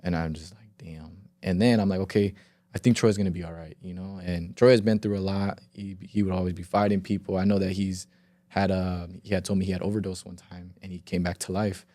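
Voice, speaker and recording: A man's voice: sits low, flat delivery, a little fast, mellow, no room sound. A young man talking as a podcast guest, telling a long story in a rambling, casual way, with lots of filler words and quoted dialogue and frequent swearing. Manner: swears freely. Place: podcast studio.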